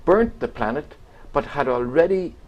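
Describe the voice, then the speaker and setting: A man's voice: fairly high pitch, expressive, moderate pace, darkish tone, muffled recording. Man telling a long story. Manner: rambling anecdotal storytelling with quoted voices. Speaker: guest. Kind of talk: storytelling in a radio chat.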